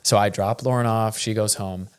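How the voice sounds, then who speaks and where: Animated man telling a story on a podcast. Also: on the low side, moderate pace, smooth. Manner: animated storyteller who acts out the people in his stories. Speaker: podcast co-host. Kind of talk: casual chat, storytelling.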